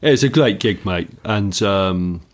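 A man chatting casually as a podcast co-host. His voice is a little lower than average. He drops dry jokes and self-deprecating asides into the conversation. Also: unhurried. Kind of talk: casual chat.

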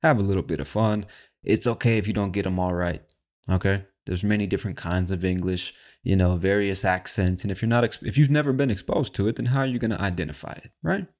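A man's voice: low-pitched, fast, darkish tone. A man hosting an English-learning show, chatting casually and talking directly to the listener as "my friend.". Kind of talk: casual podcast talk.

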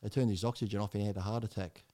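A man tells his story bluntly, swearing often and rambling from one thought to the next. He talks quickly, and his voice sits on the lower side. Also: fairly even intonation, dark tone. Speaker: guest. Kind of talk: candid podcast storytelling.

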